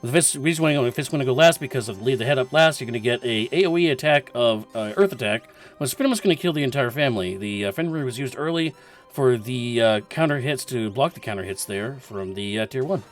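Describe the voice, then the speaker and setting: A man commentating a video game match in a relaxed, chatty way. He walks through the strategy step by step and laughs easily. Faint music plays underneath. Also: medium pitch, quick pace. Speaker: esports commentator.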